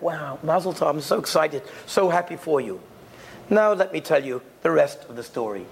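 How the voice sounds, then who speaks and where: A man's voice: high voice, creaky, husky. A man giving a storytelling sermon, acting out the voices of the characters in his stories. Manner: tells stories, acts out the characters' voices, uses Yiddish and Hebrew terms. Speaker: speaker giving a Torah talk.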